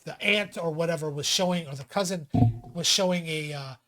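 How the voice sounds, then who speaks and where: A man's voice: on the high side, a little fast. A man co-hosting a podcast, chatting casually, telling stories and acting out quotes with laughs. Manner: animated storyteller, acts out quotes; laughs often. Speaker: podcast co-host. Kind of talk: casual chat.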